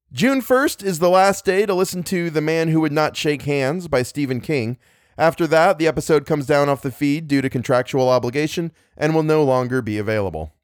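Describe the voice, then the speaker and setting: A man's voice: a little high, dry recording, studio quality. A man hosting a story podcast, chatting casually and joking at his own expense. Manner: playful, self-mocking, exaggerated groaning. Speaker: podcast host and reader. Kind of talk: casual podcast outro and outtakes.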